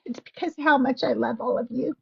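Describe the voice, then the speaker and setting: A woman's voice: high-pitched, fairly quick, creaky, darkish tone, husky, dull audio. A woman on a podcast reciting spoken-word poetry and then talking candidly, emotional and close to tears, swearing freely. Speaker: podcast guest.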